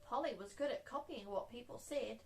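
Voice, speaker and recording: A woman's voice: fairly high pitch, fairly quick, a little mellow, rough recording. New woman reading a children's story. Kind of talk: reading a picture book aloud.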